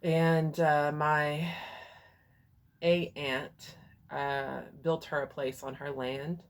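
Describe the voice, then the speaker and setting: A Texas woman, a vlogger and life coach, shares a personal story frankly and candidly in her Texas accent, with some hesitations. Her voice is low and level, and she speaks very slowly.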